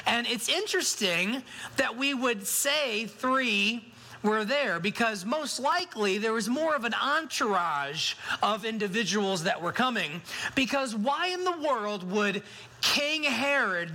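A man's voice: very high voice, pushed and bright, rough recording. A man preaching a Christmas sermon, talking conversationally and asking the congregation questions. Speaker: pastor.

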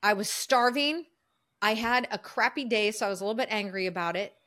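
A middle-aged woman, a coach, telling a personal story as a podcast guest in an earnest, lively way. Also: mid-range voice, brisk. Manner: lively, earnest storyteller who acts out her own inner voice.

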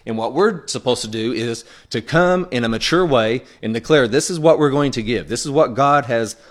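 Here a man speaks at normal speed in a medium-pitched voice. Preaching in an earnest, down-to-earth way, he treats the sermon like a conversation and often stops to make sure the congregation is following along.

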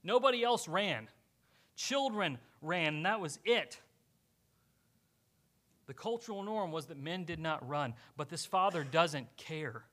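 A male pastor preaching a sermon, telling the story with animated energy and acting out the characters. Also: a little high, unhurried, pauses often.

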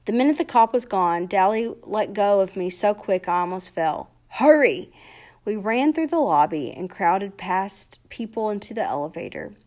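A woman reads a novel aloud at a middle pitch. Her narration is plain and steady, chapter by chapter. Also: normal speed, hardly any pauses. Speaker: reader.

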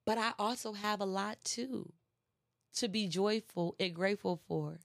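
Speaking a little slowly in a mid-range voice, this woman delivers a chatty, emphatic inspirational talk as a motivational speaker. She repeats phrases and talks straight to her listeners, and the recording is dry and studio quality.

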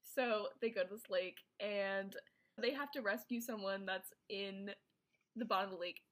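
Woman, bright clear tone, casual chat, rambling recap, filler-heavy. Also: medium pitch, moderate pace. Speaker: co-host presenting a movie recap.

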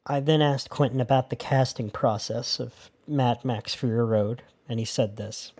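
A man's voice: medium pitch, fairly even intonation, darkish tone. Sincere male podcast host narrating. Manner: sincere, measured, heartfelt.

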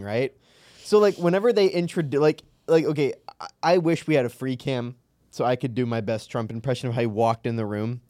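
A man hosting a podcast, chatting casually and telling stories in a rambling, animated way. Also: a little high, no echo, clean studio sound. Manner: rambling, animated storytelling with laughs. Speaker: podcast host. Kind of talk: casual chat.

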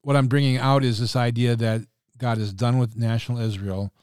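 A pastor, a man, teaching through scripture in a measured, explanatory podcast sermon, quoting passages at length. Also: mid-range voice, fairly even intonation, a little mellow, smooth, no room sound, studio quality.

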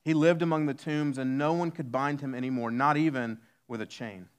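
A man's voice: mid-range voice, steady tone, clean tone. Man preaching a sermon, reading scripture. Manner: reads scripture aloud, slows down to stress key lines. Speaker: lead pastor.

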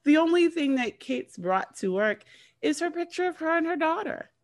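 A woman's voice: high voice, expressive, normal speed. A woman casually recapping a TV show, rambling with lots of fillers and restarts.

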